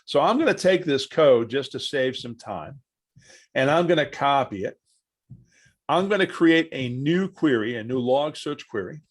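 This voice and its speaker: Chatty male trainer guiding a class. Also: mid-range voice. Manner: chatty, asks the class questions, walks through steps aloud. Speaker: software trainer. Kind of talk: live online training session.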